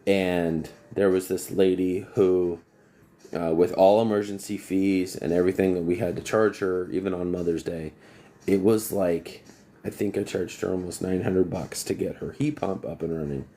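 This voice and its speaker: A man's voice: low-pitched, fairly even intonation, normal speed, dark tone. A man who works as an HVAC technician, telling long rambling stories on a casual livestream and breaking off to greet viewers.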